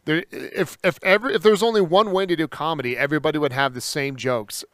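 A man's voice: fairly high pitch, fast talker, fairly bright tone, smooth, dry recording, clean studio sound. A man co-hosting a podcast in casual chat, giving strong opinions in a ranting way. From Japanese heritage. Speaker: podcast co-host.

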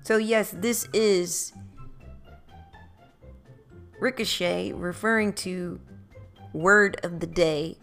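Speaking extremely slowly with long pauses, a Philadelphia podcast host rambles casually on her own show and playfully repeats phrases. Her lowish voice is gravelly yet a bit bright, scratchy at times, and soft music plays behind her.

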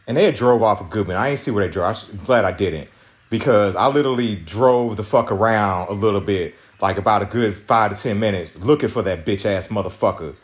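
A man's voice: on the low side, moderate pace. A young man hosting a podcast, telling an angry story in a profane, agitated rant with many restarts. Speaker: podcast host.

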